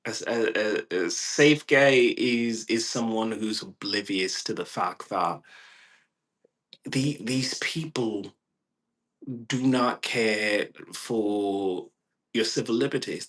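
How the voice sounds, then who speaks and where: A man's voice: fairly low pitch, animated, takes it slowly, fairly bright tone. Man ranting, swearing emphatically. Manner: emphatic, repetitive, heavy swearing. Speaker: vlogger. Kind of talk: profane ranting monologue.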